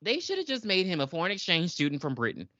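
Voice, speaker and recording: A woman's voice: fairly low pitch, quick pace, dry recording, dull audio. A woman in her twenties co-hosting a podcast, casually recapping an episode with laughter and acted-out lines. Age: 20s. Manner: animated, laughing, acts out characters in voices. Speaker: podcast co-host.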